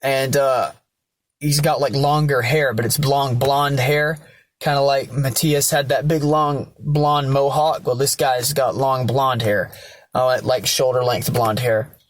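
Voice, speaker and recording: A man's voice: mid-range voice, fairly even intonation, unhurried, dry recording. A young man casually and ramblingly retelling a story, swearing and using many fillers. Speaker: vlogger.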